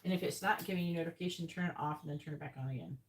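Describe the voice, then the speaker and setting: Blunt, low-voiced woman tarot reader. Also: very fast, a little hiss or hum. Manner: blunt, swears, talks straight to viewers. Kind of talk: casual live-stream chat.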